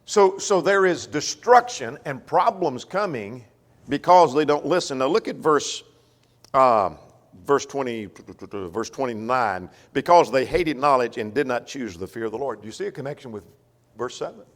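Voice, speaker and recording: A man's voice: mid-range voice, expressive, moderate pace. A man teaching a Sunday Bible class in a folksy way, often checking that the class follows. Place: church. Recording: long church reverb.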